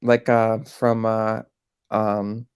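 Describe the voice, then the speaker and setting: A man in casual chat with a smooth, resonant voice, recorded dry and close. He talks hesitantly, filling his pauses with ums and uhs. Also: fairly low pitch, monotone, dry recording.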